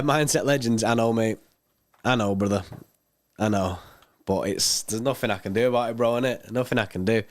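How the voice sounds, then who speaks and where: A man hosting a fan channel's livestream in casual chat, laid-back and chatty, reading out viewer comments. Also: mid-range voice.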